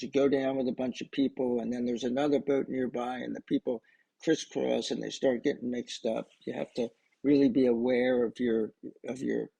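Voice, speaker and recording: A man's voice: medium pitch, creaky, dark tone, breathy edge, rough recording. An older man telling a personal story in a casual, rambling way, often restarting and adding asides. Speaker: storyteller recording memories for his grandchildren.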